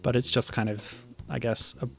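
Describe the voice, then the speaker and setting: A man streaming and commenting on old web games, talking in a hesitant, halting way with many fillers and sometimes reading the game text aloud. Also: mid-range voice, level tone, creaky, a bit bright, faint music behind. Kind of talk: casual gameplay commentary.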